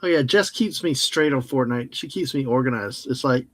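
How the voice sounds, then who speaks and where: A man co-hosting a live stream, making jokey, animated asides in casual chat. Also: mid-range voice, moderate pace, no echo. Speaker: co-host.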